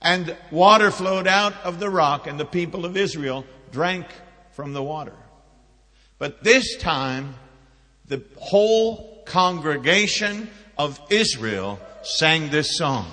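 A man preaching a sermon, swinging between loud emphatic peaks and hushed storytelling. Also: fairly high pitch, animated, takes it slowly, in a large hall. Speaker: pastor.

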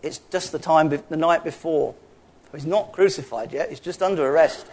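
A man's voice: fairly high pitch, moderate pace, a little mellow. A middle-aged man with a London accent giving a chatty, conversational sermon full of asides and rhetorical questions. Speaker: preacher.

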